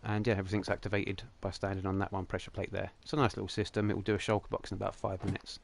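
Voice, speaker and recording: A man's voice: low-pitched, monotone, racing, gravelly. A young man hosting a game livestream, talking through it in a chatty, jokey, rambling way. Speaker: livestream host. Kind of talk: casual game commentary.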